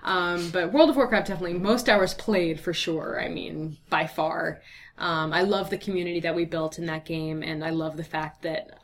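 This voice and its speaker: A woman's voice: on the low side, fairly even intonation, moderate pace. A young woman answering interview questions in a chatty, upbeat way with lots of fillers, her voice tired and a bit slurred from talking all day. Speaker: guest.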